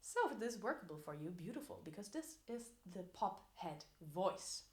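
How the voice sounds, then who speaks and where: A woman's voice: medium pitch, big pitch swings, normal speed. A woman teaching a singing lesson as a vocal coach, explaining technique in an encouraging way. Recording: echoey room.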